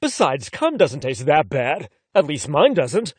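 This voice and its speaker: A male narrator plays a shameless young guy, blunt and loud about crude things and quick to rant. His delivery swings through a wide, lively range. The sound is close and dry. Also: fairly high pitch, husky, no echo, full character voice. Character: brash, indignant young man, blunt and shameless.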